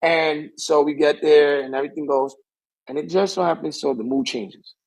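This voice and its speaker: A man's voice: fairly high pitch, normal speed, vocal fry, rough recording. A young man, a pro wrestler guest, telling a rambling story in casual talk and circling back with the same stock phrase.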